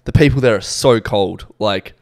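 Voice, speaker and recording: A man's voice: lowish voice, moderate pace, gravelly, darkish tone, no echo, studio quality. A young Australian man co-hosting a podcast, telling rambling stories in a laid-back, casual way with lots of fillers. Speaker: podcast co-host. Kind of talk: casual chat.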